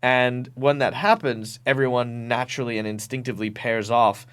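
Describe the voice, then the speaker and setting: A professional game master from Perth, Western Australia, speaks with an Australian accent as an interview guest over a video call. He tells stories animatedly in casual interview talk, with plenty of ums and restarts. His mid-range, fairly bright voice keeps a fairly even intonation at normal speed.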